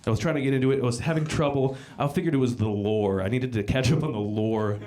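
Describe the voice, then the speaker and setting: A man's voice: mid-range voice, quick pace, darkish tone. A man performing a stand-up comedy set on a club stage, rambling and crude, with frequent restarts and swearing. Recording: live club recording with crowd laughter. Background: audience laughter.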